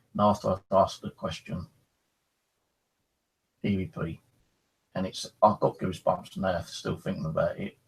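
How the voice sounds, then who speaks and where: A man's voice: low-pitched, creaky, slightly rough, rough recording. A man casually telling a rambling first-person story about a ghostly experience, swearing now and then. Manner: rambling, animated, swears freely. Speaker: paranormal storyteller.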